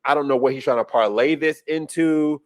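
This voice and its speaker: High-voiced man ranting in profane disbelief. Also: brisk. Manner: profane, incredulous ranting with laughs. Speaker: podcast host. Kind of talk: casual political commentary.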